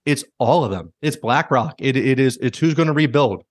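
A man's voice: mid-range voice, expressive, moderate pace, no echo. A man hosting a podcast, rambling through strong opinions in a casual, profane way. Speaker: podcast host.

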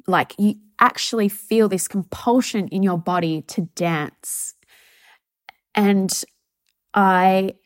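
Slow, soft-spoken woman podcast host. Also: fairly low pitch, no echo, studio quality. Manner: soft, halting, heartfelt. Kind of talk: reflective solo podcast.

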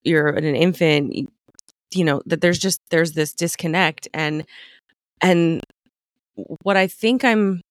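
A woman co-hosting a podcast, talking slowly and reflectively, restarting her sentences as she searches for words. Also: on the low side, no room sound, studio quality. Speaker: podcast co-host. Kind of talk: casual conversation.

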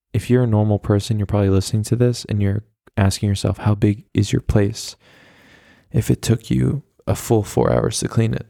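A man's voice: fairly low pitch, vocal fry, dark tone, no room sound, clean studio sound. A young man hosting a solo podcast, talking casually and rambling in a self-deprecating way, with lots of fillers. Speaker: podcast host.

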